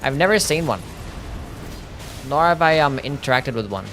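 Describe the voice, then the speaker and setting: With a sharp tone and a mid-range voice, a young man streams a game live at a moderate pace, sounding animated yet relaxed. He swears, reads chat aloud, and talks casually over faint background music.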